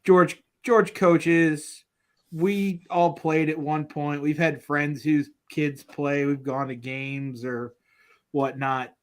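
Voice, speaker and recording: A man in his thirties co-hosting a casual podcast, telling family stories in an animated way and laughing through them. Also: a little high, slow pace. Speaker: podcast co-host. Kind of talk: casual chat.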